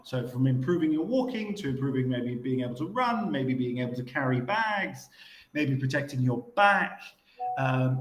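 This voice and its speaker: A man's voice: mid-range voice, reverberant, low-quality recording. A man on a radio talk show explaining fitness training patiently, repeating words as he thinks.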